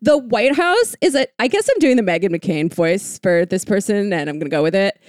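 A woman's voice: mid-range voice, expressive, brisk, no room sound, studio quality. A woman co-hosting a casual political podcast, sarcastic and profane in a wry way. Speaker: podcast co-host.

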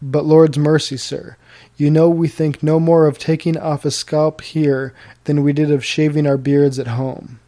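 A man's voice: fairly high pitch, flat delivery, measured pace, dark tone, lightly acted. A man voicing a deferential, awkward colonial manservant with a polite, hesitant manner of speech. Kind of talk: audiobook character reading.

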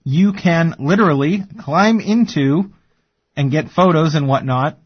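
Boston guy hosting a radio show, bit high voice, rambly chatty, dry dull lo-fi sound. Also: a little slow, breathy edge, dry recording. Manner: chatty, laughing, rambling with fillers. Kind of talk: casual radio chat.

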